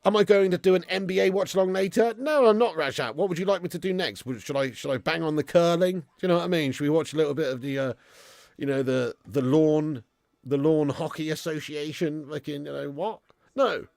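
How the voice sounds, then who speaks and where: A man's voice: fairly high pitch, brisk, vocal fry, darkish tone, no echo. A man hosting a live football watch-along, chatting casually, bantering, swearing freely and reading out viewer messages. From England. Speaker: live stream host.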